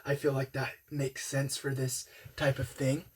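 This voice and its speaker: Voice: mid-range voice, level tone, a little slow, slightly rough. A young adult telling a personal story in a rambling, casual way, full of "um" and "like". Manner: rambling, filler-heavy, talks with hands-off candor.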